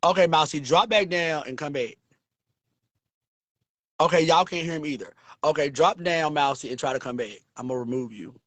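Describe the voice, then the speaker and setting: A man hosting a casual livestream, talking in a flamboyant, sassy and profane way, with big swings in pitch. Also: normal speed, a bit bright, no echo. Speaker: livestream host.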